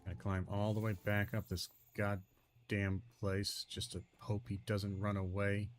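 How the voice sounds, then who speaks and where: A man narrating his own gameplay, muttering and cursing in exasperation, with sudden loud outbursts. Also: on the low side, monotone, measured pace, soft background music. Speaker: gaming video host. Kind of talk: let's-play commentary.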